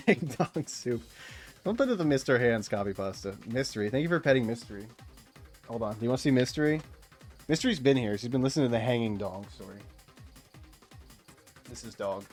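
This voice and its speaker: A young man streaming, rambling excitably in casual chat, jumping up in pitch when riled and often laughing, at times out of breath.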